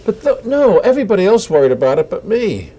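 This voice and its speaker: An older actor being interviewed, telling animated anecdotes and acting out the lines people said to him. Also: male voice, high voice, fast. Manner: animated anecdotes with acted-out quotes. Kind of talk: casual interview storytelling.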